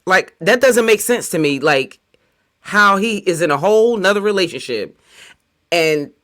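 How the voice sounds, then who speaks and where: Chatty man with a high voice. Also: pushed and bright. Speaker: commentator reacting. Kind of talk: casual chat.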